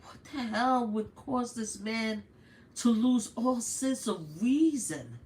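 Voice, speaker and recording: An older woman with a New York accent, hosting a live stream and giving blunt, animated political commentary full of rhetorical questions. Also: a little high, takes it slowly. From United States.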